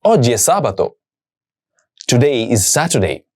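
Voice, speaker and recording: A man teaching a language lesson, saying words slowly and carefully and repeating each one for learners. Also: mid-range voice, very animated, a little mellow.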